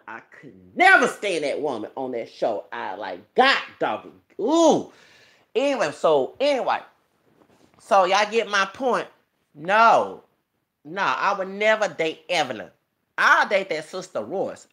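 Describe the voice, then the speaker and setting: A man's voice: fairly high pitch, pushed and bright. A man ranting emotionally and profanely in his own vlog, delivering celebrity gossip commentary. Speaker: YouTuber.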